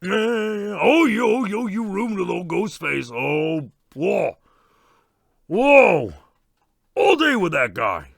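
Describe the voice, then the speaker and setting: A man playing a crude, excitable masked slasher killer who rambles and swears in irritable rants during a comedy Q&A. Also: high-pitched, slow pace, vocal fry, no echo, studio quality, full character voice. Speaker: stream host in character. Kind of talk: in-character comedy Q&A.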